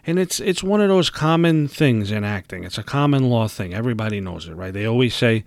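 A man's voice: medium pitch, animated, fairly quick, gravelly, few pauses, a little mellow, no room sound. A young man hosting his own podcast, venting in a casual, heated, profanity-laden rant. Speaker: podcast host.

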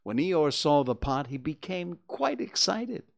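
A man narrating a storybook in a gentle storytelling manner. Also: a little high, very animated, measured pace, creaky, hardly any pauses. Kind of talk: storybook reading.

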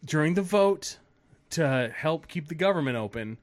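A man co-hosting a podcast, telling stories in a profane, animated, casual way. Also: fairly high pitch, moderate pace. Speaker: podcast co-host. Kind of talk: casual chat.

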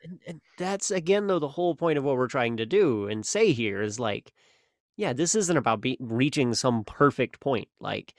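A young man talks casually on a podcast, rambling through his thoughts with frequent fillers and restarts. His voice sits at a middling pitch and sounds close and dry, with no room around it. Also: lively intonation, normal speed, no echo. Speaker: podcast co-host. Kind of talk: casual conversational chat.

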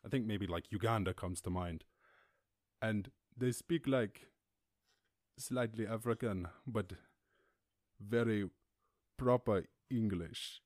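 A man from Ireland hosting a casual livestream chat, rambling, animated and laughing often as he talks. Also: on the low side, slow pace, pauses often, dry recording, clean studio sound. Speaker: host.

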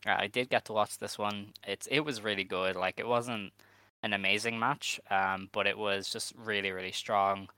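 A fairly low-voiced man with a Dublin accent, talking in loose, jokey podcast chat. His tone is bright and forward, and his voice comes through smooth and clean. He laughs often between points. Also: steady tone, moderate pace, dry recording. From Ireland. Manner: chatty, laughs easily, loose and joking. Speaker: podcast co-host. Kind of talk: casual chat.

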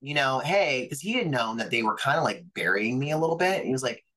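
Male wrestler guest, chatty storyteller, bright edge to the voice, average pitch. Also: lively intonation, fast talker, low-quality recording. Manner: chatty, lots of fillers and quoted dialogue. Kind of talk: casual storytelling interview.

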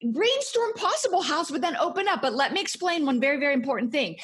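A woman's voice: high-pitched, very animated, fast talker, fairly bright tone. A woman guest author talking passionately and emphatically in a podcast interview. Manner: passionate, emphatic motivational talk.

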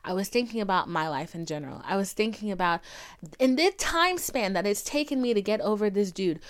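A woman's voice: mid-range voice, brisk, clean tone. A young woman hosting a podcast, telling a rambling, profane story about her dating life and acting out the voices of people in it. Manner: profane, dramatic, quotes others in animated put-on voices. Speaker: podcast host. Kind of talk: casual storytelling rant.

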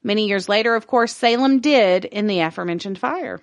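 A woman's voice: mid-range voice, a little fast, no echo. A woman co-hosting a casual podcast, reading an article aloud, stumbling over words, laughing and swearing casually along the way.

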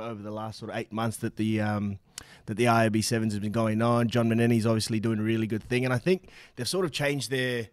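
A man co-hosting a rugby show, giving measured, enthusiastic analysis. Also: mid-range voice, dry recording. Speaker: co-host. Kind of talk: sports analysis chat.

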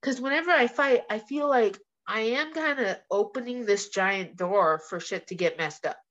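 A woman's voice: a little high, moderate pace. Candid young woman, slightly muffled audio. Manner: candid, animated storytelling with frequent "like" and swearing. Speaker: guest, professional fighter. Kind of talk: casual interview chat.

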